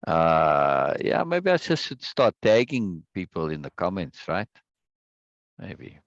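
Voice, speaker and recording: A man hosting a live stream and chatting casually with viewers. He rambles, repeats words and greets people warmly. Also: low voice, wildly swooping pitch, slow pace, no room sound, dull audio. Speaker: livestream host.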